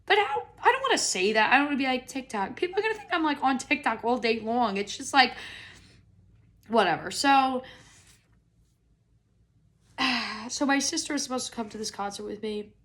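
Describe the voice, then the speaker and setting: This is a young woman with an American accent, a podcast host spinning a comedic story from her own life. Her voice sits slightly high and rings bright. She rambles casually, says "like" constantly and swears without a second thought. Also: moderate pace, pauses often. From United States. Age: young adult. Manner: chatty and animated, with frequent "like" and swearing.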